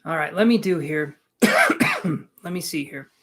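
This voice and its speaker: A man hosts a live tarot reading in a relaxed, chatty way. His voice sits a little high for a man. He calls out viewers' names and jokes between draws. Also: a little slow, a little hiss or hum. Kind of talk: casual live-stream chat.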